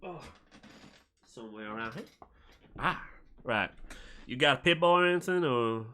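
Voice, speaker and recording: A man's voice: medium pitch, animated, moderate pace, pushed and bright. A man running a tabletop game as game master, improvising and rambling with lots of "like".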